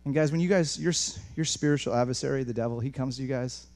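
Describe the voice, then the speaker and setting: A male pastor preaching a sermon in an animated way, often restarting words and addressing the congregation directly. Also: medium pitch, fast talker.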